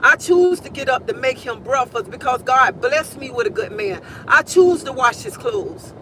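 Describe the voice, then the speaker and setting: This forties-aged woman streams live from her car, her high voice lively in intonation, a bit bright, at a normal speed. She talks casually and emphatically, repeating phrases to drive points home, captured on a phone in a low-quality recording with slight hiss or hum.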